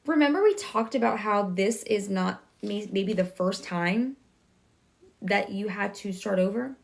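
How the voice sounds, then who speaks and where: Woman tarot reader, casual and reassuring, rushes her words, slight vocal fry. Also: medium pitch. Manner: talks fast, self-correcting, chatty and reassuring. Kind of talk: casual tarot reading to viewers.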